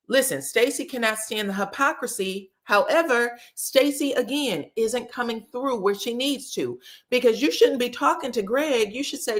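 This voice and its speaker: A woman with a slightly high voice recaps a reality TV episode at a moderate pace, barely pausing. Her casual, gossipy delivery includes animated impressions of the cast's quotes.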